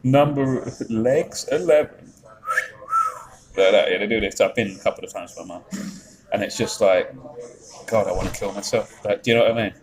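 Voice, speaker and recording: A man's voice: fairly low pitch, fairly even intonation, fast, rough recording. A man with a Yorkshire accent chatting on a live stream, rambling, swearing freely and reading out chat messages. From England.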